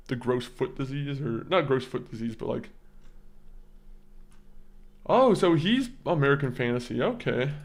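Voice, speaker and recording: Rambling, laughing male gaming streamer. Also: mid-range voice. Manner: rambling, laughing, stumbling over words. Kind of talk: casual chat with stream viewers.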